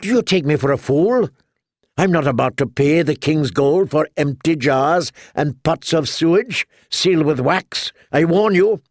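A man's voice: fairly high pitch, lively intonation, measured pace, dry recording, pitched above the performer's own voice. A man reading an audiobook, voicing a blunt, sardonic lord who speaks dryly. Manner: dry and blunt.

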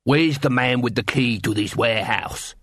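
A man's voice: medium pitch, moderate pace, a bit bright, no echo, studio quality, lightly acted. A man voicing a blunt, short-tempered male dwarf guard with curt, threatening speech.

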